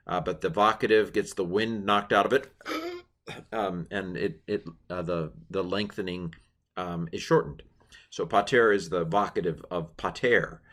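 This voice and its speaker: A man giving an informal lesson on Greek grammar, chatty and halting, with many fillers and playful asides. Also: deep voice, a bit bright. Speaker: Greek teacher.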